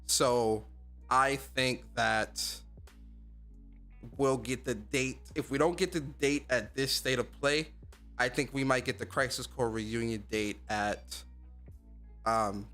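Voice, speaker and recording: A man's voice: mid-range voice, fairly even intonation, takes it slowly, fairly bright tone, faint music behind. A man hosting a casual gaming livestream, speaking in loose slang and getting fired up as he talks straight to his chat. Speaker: gaming streamer and podcast host.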